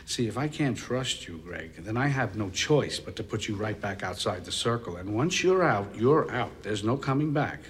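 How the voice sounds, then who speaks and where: Brief: stern, suspicious ex-military dad, low voice, quiet deliberate menace, film scene with faint background noise. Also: male voice, lively intonation. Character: stern suspicious ex-military father, middle-aged. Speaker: film character.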